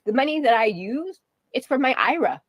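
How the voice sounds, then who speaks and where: A woman's voice: high-pitched, animated, normal speed, dry recording. A woman in her forties talking in a rambling, tearful way on a livestream, full of fillers. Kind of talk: rambling personal livestream talk.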